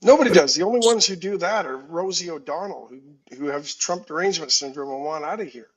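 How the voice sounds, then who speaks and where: A man's voice: on the high side, animated, fast, muffled recording, crowd noise. A man co-hosting a call-in talk show, blunt and emphatic, often repeating words as he starts a thought. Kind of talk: casual political call-in talk.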